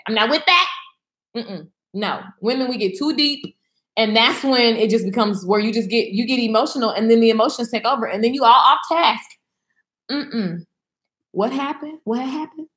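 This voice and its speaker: A woman's voice: on the high side, a bit bright. A woman hosting a casual live-stream chat, blunt and sassy, talking in a no-nonsense way. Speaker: host of a live video chat. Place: indoors at home. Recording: echoey room.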